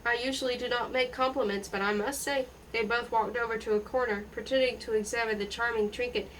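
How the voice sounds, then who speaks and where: A woman reading a novel aloud in an unhurried way, now and then stumbling and restarting words. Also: on the high side, fairly even intonation, a bit bright, distant mic, slight background noise, low-quality recording. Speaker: audiobook reader.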